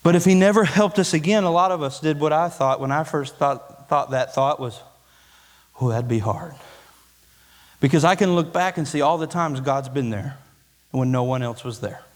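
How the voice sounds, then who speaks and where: A man's voice: fairly high pitch, moderate pace, in a large hall. A man preaching a sermon as pastor, folksy and conversational, building to emphatic peaks. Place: church sanctuary.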